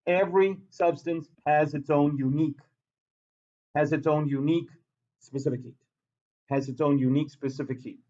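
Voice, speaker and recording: A man's voice: fairly high pitch, fairly even intonation, normal speed, long pauses, dark tone, muffled recording. A man teaching a science class who repeats key points and quizzes his students. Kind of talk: classroom lecture.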